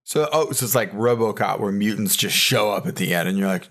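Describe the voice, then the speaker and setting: This comedy podcast host is a man with a fairly low voice who talks a little fast. In casual banter, he poses dry, quizzical questions and recaps the joke with deadpan timing.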